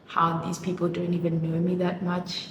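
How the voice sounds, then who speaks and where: A woman's voice: fairly low pitch, completely flat delivery, moderate pace. A woman vlogging casually while doing her makeup, gushing and emotional, with lots of fillers. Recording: roomy echo with clear background noise.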